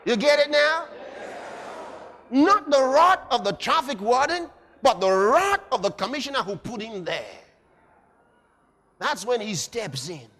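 A man preaching a sermon, swinging between hushed passages and shouting. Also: extremely high pitch, big pitch swings, unhurried. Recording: reverberant hall.

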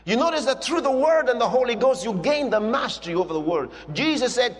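High, lively-voiced preacher in a hall. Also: male voice, fairly quick, hardly any pauses. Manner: emphatic, repeats declarations. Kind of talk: sermon.

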